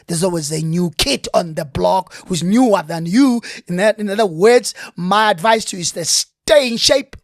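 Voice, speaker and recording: Animated South African man telling stories. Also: moderate pace, few pauses, no room sound, studio quality. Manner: animated storyteller, lively pitch swings, many restarts. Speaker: veteran actor, interview guest. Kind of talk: casual interview chat.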